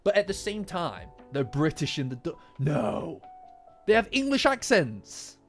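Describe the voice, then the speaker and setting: A man hosts a casual chat about an anime episode, his voice swinging up and down with lively energy. He gets excitable, laughs a lot and stumbles over repeated words. Faint background music plays under his talk. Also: on the high side, unhurried. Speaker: anime reaction host.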